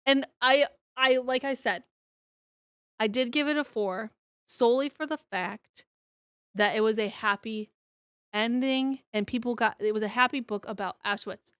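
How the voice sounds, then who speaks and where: A woman's voice: fairly high pitch, a little slow, fairly bright tone, clear, resonant tone, dry recording, clean studio sound. Rambling young woman podcast co-host. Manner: rambling, lots of "like", swears casually. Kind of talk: casual chat, book review.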